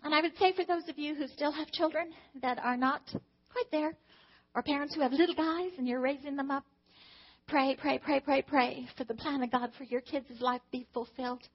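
A woman's voice: high-pitched, steady tone, normal speed, lo-fi sound. A middle-aged woman giving an earnest, emotional personal testimony to a church congregation, often speaking to God aloud.

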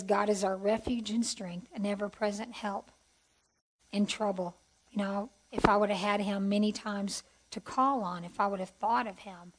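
A middle-aged woman telling her personal testimony in an earnest, heartfelt way, with soft hesitations. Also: mid-range voice, poor audio. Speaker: speaker sharing testimony.

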